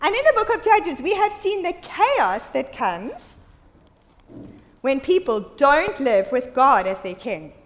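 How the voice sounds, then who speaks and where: Bright, animated woman leading a children's Bible talk. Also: high voice, slow. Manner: animated, call-and-response storytelling to children. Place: church. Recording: echoey church hall.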